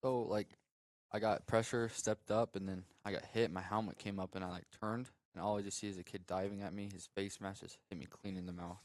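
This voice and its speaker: A teenage football player, a quarterback, casually telling about a game injury in an interview. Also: male voice, low voice, fairly quick, no room sound. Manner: relaxed storytelling with "like" and "I was like". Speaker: high school quarterback guest.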